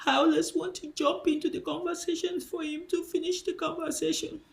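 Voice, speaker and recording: A woman's voice: extremely high pitch, flat delivery, fairly quick, vocal fry. A woman preacher giving a spiritual teaching, impassioned and emphatic, repeating her key phrases.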